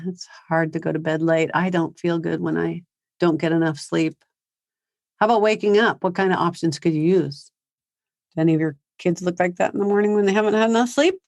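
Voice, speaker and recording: A woman's voice: on the low side, dry recording, clean studio sound. Conversational woman giving a parenting seminar. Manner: conversational, acts out soft empathetic phrases. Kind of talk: live seminar talk to parents. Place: high school seminar.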